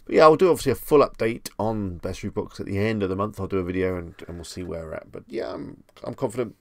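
A relaxed English man with a Bedfordshire accent hosts a late-night live stream from home, answering viewers in an easygoing ramble. His voice sits low with a gravelly, fry-edged texture. The sound is close and dry, with no room echo. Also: fast. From England. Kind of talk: casual live stream chat.

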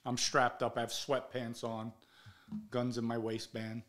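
Middle-aged New man, average pitch; blunt, profane interview guest who acts out every quote. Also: monotone, a little slow, fairly bright tone. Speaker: guest recounting his past. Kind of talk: candid storytelling.

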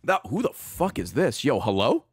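A man streaming a game and giving excitable play-by-play commentary, swearing and laughing often. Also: mid-range voice, moderate pace, slightly rough. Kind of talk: live-stream gameplay commentary.

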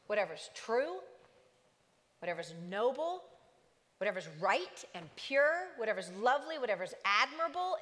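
A woman pastor preaching a sermon in a church, lively, with joking asides to the congregation. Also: fairly high pitch. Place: church sanctuary. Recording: church hall reverb.

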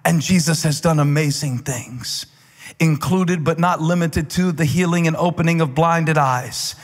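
A man preaching a sermon as pastor, building from quiet talk to impassioned shouting. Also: fairly high pitch, a little slow. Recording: large hall with long reverb.

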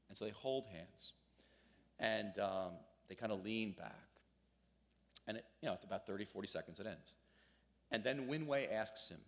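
A male pastor preaching a sermon in a church, telling a story in a conversational way and rising to loud emphasis at key points. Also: lowish voice, animated, quick pace, long pauses.

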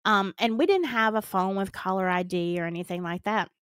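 A woman's voice: mid-range voice, a little fast, a bit bright, smooth, no room sound. A middle-aged woman with a Southern US accent, earnestly and dramatically retelling a personal story on her vlog. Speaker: storytime vlogger.

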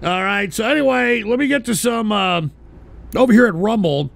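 A man hosting a live stream, ranting in a profane, combative way with sarcastic asides and sudden bursts of shouting. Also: high voice, moderate pace, creaky.

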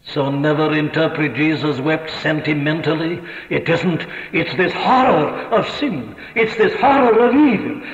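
A man's voice: fairly high pitch, slight background noise. A man preaching a sermon, impassioned and emphatic, who asks question after question and repeats his points. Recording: lo-fi archive recording in an echoey hall.

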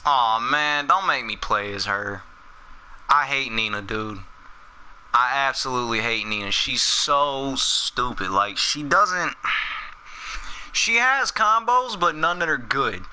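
A young man casually commenting on a fighting game as he streams it, excitable and quick to swear and laugh. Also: medium pitch, a little hiss or hum. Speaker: gaming streamer.

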